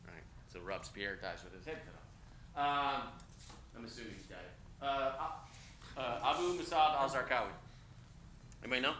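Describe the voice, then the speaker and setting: A man's voice: medium pitch, normal speed, pauses often. A man teaching a college class, talking casually and energetically, checking in often with "okay?". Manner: energetic, conversational, frequent "okay?" check-ins. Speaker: college instructor. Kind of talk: classroom lecture. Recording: echoey classroom with faint noise.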